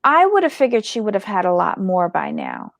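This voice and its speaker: A woman's voice: medium pitch, wildly swooping pitch, a little fast, creaky, no echo. A woman hosting a casual commentary chat about a reality show, reading the live chat aloud. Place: in Florida.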